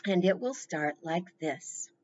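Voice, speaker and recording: A woman presenting a library storytime, reading slowly and encouraging the children warmly as she leads them. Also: fairly low pitch, lo-fi sound, slight background noise. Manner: encouraging, slow, animated.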